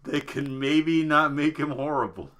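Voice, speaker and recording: A young man co-hosting a casual podcast, talking in an animated way, swearing a lot and acting out game scenes in silly voices. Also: on the high side, a little slow. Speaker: podcast co-host.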